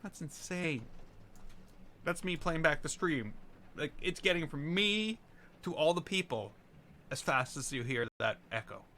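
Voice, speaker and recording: A man's voice: fairly high pitch, expressive, unhurried, pauses often, pushed and bright, a little hiss or hum. A man chatting casually to his viewers while streaming a game, rambling with asides and sounding tired and yawning. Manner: rambling and chatty, talking to chat, with laughs and trailing asides. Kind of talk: casual live-stream chat while playing.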